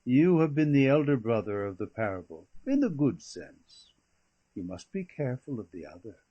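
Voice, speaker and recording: A man reading an audiobook, voicing a mild, gentle old lord with an earnest, kindly manner and a husky voice. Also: medium pitch, sing-song, moderate pace, highs cut off. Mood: stern.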